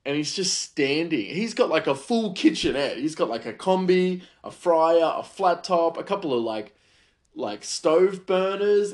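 A man's voice: on the high side, animated, a little slow. A man, a chef, telling a heated, rambling story about his work, full of fillers and restarts. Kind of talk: casual storytelling monologue.

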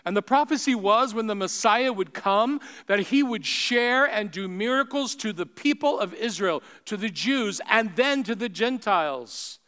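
High-voiced preacher, smooth and resonant. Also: male voice, expressive, a little slow, few pauses. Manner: emphatic, swinging between raised and hushed delivery. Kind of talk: sermon.

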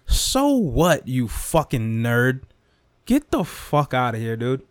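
Animated, profane young man ranting. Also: mid-range voice, slow pace, no echo. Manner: animated, profane, repetitive, swings into mock whispers and impressions. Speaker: podcast host. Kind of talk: casual rant monologue.

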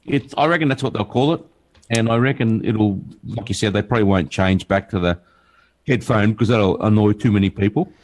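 A man's voice: on the low side, fairly quick. A man co-hosting a casual tech podcast with dry, sarcastic humor. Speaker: podcast co-host.

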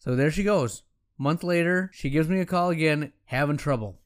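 Man with a smooth, slightly high voice. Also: moderate pace. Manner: conversational and frank, quoting himself and others as he tells the story. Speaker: optometrist and practice owner. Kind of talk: casual storytelling talk.

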